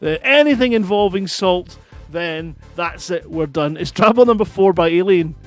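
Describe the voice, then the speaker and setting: A man hosting a live comedy reading show on voice chat, jokey and quick to laugh. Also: high-pitched, lively intonation, soft background music.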